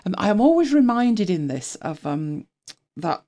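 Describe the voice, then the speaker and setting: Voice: mid-range voice, big pitch swings, unhurried, mellow. A co-host chatting loosely on a talk show, rambling with many fillers and restarts. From United Kingdom. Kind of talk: casual panel chat.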